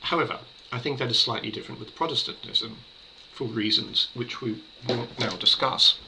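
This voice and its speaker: A man with a mid-range voice and vocal fry gives a casual spoken book review. He's measured and hesitant, pausing on fillers and restarting sentences, with background noise audible.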